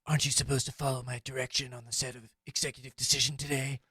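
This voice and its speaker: A man plays a pompous martial-arts action star who makes slow, low threats. The sound is dry and close. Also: little pitch movement, bright, forceful tone, husky, no room sound. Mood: menacing.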